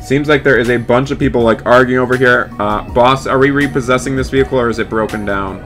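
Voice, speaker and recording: A man's voice: mid-range voice, steady tone, fast talker, a bit bright, faint music behind. A man hosting a gaming channel, narrating role-play gameplay step by step and chatting to in-game characters. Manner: eager, narrates each move and chats to in-game characters.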